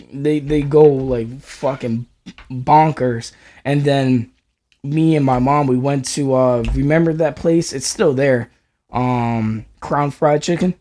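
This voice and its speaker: A man's voice: a little high, darkish tone. A man co-hosting a podcast, telling a story in a rambling way, full of filler words and swearing. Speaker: podcast co-host. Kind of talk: casual storytelling chat.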